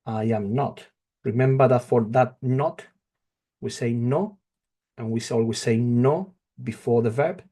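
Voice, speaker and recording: A man teaching a Spanish lesson, slow and patient, repeating each phrase. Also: mid-range voice, dark tone. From not from England. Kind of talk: slow spoken language lesson.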